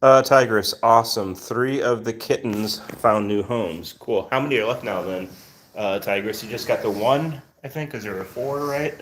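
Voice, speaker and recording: A man's voice: lowish voice, normal speed, a bit bright, slight background noise. A man hosting a casual live stream with his rescue cats, greeting viewers by name in a chatty manner with many fillers.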